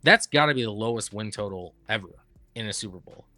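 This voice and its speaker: A man's voice: fairly low pitch, lively intonation, fast talker, bright, forceful tone, no echo, faint music behind. A man co-hosting a sports talk show, making his case with stats and repeating key points for emphasis. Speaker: sports podcast co-host. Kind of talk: casual sports debate.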